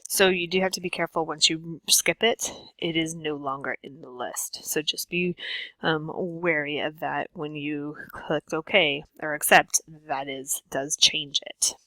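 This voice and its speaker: A woman teacher with a bright, forceful voice and a slightly low pitch talks students through a computer tutorial. She goes step by step, patiently, with frequent ums. The recording is close and dry. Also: fairly even intonation, measured pace, no room sound, low-quality recording. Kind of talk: screen-share tutorial lesson.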